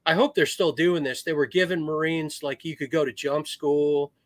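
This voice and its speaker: A middle-aged man talks through long military anecdotes with plenty of restarts and acted-out quotes. His voice sits a bit high for a man. The sound is very dry and close, with no room around it. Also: fairly even intonation, moderate pace, dry recording. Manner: rambling war stories with restarts, acts out quoted voices. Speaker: podcast guest, retired Marine officer. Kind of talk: casual storytelling.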